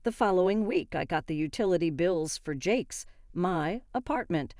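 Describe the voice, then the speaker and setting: Woman narrator, first-person story, steady delivery, low warm dry voice. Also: moderate pace, no echo.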